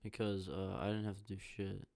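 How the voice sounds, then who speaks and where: A man's voice: low-pitched, little pitch movement, moderate pace, creaky, a little mellow. A young man from the Side, hosting a podcast in a rambling, profane, joking monologue. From Chicago South Side. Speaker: podcast host.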